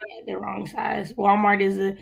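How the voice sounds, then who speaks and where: A woman's voice: medium pitch, monotone, moderate pace, gravelly, breathy edge, poor audio. A woman in playful, laid-back banter during a casual chat.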